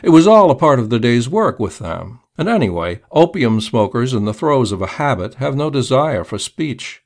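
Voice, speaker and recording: A man narrating a crime story in a measured, steady audiobook reading. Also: mid-range voice.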